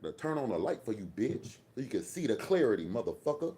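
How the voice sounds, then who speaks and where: A man rants on a live stream, firing back at chat comments. He talks in brash, profane, boastful trash talk. His voice sits at an ordinary middle pitch for a man. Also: big pitch swings, fast talker, hardly any pauses, mellow. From Atlanta, USA. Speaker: livestream host.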